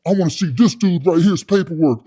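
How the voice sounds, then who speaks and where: A man doing a comic impression of a loud, boastful male prison coach who bosses people around. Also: fairly high pitch, fairly quick, slightly rough, voice pushed up. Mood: bossy boasting. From California. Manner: loud, aggressive, boastful, calls others soft boy. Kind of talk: comedic impression.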